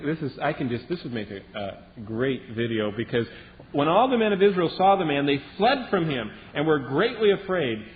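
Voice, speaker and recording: A man preaching a sermon as a Bible teacher, telling the story in a lively way and acting out the lines he quotes. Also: mid-range voice. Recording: dull lo-fi recording with long reverb and faint hiss.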